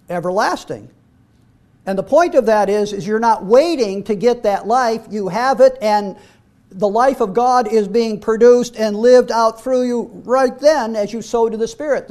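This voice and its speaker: A man's voice: sits high, a little mellow. A middle-aged man preaching a sermon, reading scripture aloud and often repeating words as he restarts his sentences.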